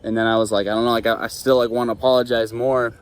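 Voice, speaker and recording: A man's voice: medium pitch, flat delivery, quick pace. A young man with a mid-range voice tells a story straight to camera, loose and unscripted. His talk is casual and profane, full of "like" and "dude". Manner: laid-back, profane, heavy on "like" and "dude". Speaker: vlogger.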